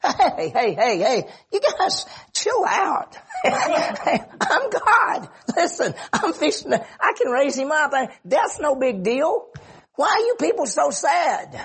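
A man voicing a carefree man who brushes off grief in a high, laughing, casual tone. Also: wildly swooping pitch, slow pace, a bit bright, heavily acted. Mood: breezy.

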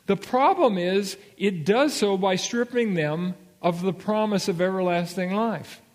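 A man giving an expository Bible lesson, emphatic and checking in with his listeners, repeating his key points. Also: high voice. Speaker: Bible teacher.

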